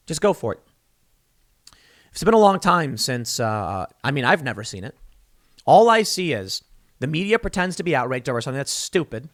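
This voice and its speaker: A man's voice: mid-range voice, moderate pace, pauses often, no echo, clean studio sound. A man hosting his own show, delivering a sarcastic political commentary monologue. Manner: animated, sarcastic, acts out quoted voices. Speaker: show host.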